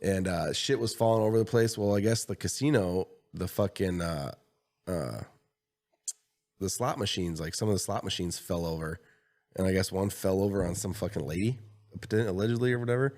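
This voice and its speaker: Deep-voiced man in crude podcast banter. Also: normal speed, darkish tone. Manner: swears a lot, teasing, storytelling. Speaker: podcast co-host. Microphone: studio podcast mic.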